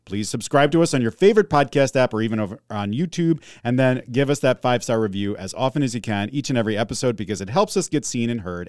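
A man's voice: mid-range voice, a little mellow, dry recording, clean studio sound. A man co-hosting a casual health podcast, upbeat and laughing easily, reading the show's affirmation. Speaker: podcast co-host, holistic health practitioner.

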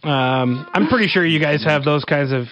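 A man's voice: on the high side, normal speed, faint music behind. A man with a Canadian accent hosting a podcast interview, chatty and joking. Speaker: podcast host. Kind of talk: casual interview chat. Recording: dull, dry podcast sound.

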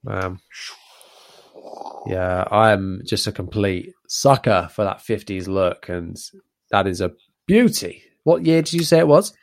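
Male podcast host, upbeat and chatty, quick to laugh, loose rambling questions, casual interview tone. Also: low-pitched, animated.

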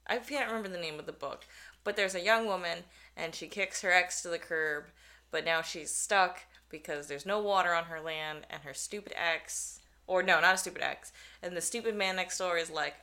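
A woman's voice: on the low side, normal speed, pushed and bright. A woman co-hosting a podcast in casual chat, talkative, laughing often and swearing freely. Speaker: podcast co-host. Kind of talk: casual chat recapping a show.

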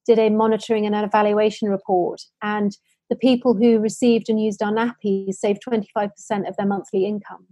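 A woman's voice: mid-range voice, level tone, a little fast, mellow, no room sound. A woman from the United Kingdom, a social enterprise founder, answering interview questions in earnest stories full of restarts and fillers.

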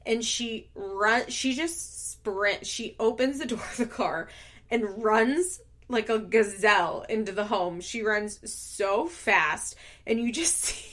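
A woman telling a story in a casual, chatty way, animated and quick to laugh, full of filler words. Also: fairly high pitch. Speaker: show recapper.

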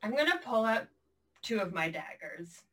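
Woman player with a bright voice. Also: on the high side, moderate pace. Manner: calm, plain, with fillers. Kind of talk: tabletop game play. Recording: voice a little distant from the mic.

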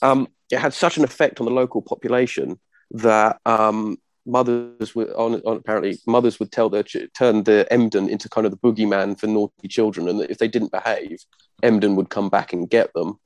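A man presenting a history talk from his notes, with a lowish voice and frequent ums as he corrects himself mid-sentence. The sound is dry and close, with little room echo. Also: steady tone. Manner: halting, many ums and self-corrections. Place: room with a small live audience.

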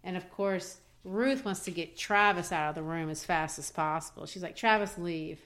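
A woman teaching literature, analysing a play in animated discussion. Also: lowish voice, normal speed.

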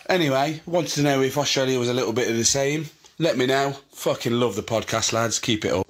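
A man's voice: mid-range voice, a little fast. English male caller, Nottingham accent, crude joker, faint background noise. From England. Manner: cheeky, crude joking. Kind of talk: recorded voice message.

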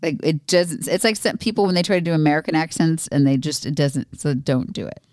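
Middle-aged woman, podcast co-host, low voice, teasing and easygoing. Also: a little fast, darkish tone, dry recording, studio quality. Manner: easygoing, teasing, reads listener questions aloud. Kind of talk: casual chat.

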